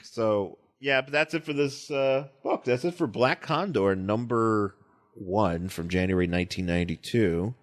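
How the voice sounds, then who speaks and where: A man's voice: lowish voice, measured pace, no echo, clean studio sound. A man co-hosting a casual comic book podcast, joking and trailing off mid-sentence. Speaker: podcast co-host.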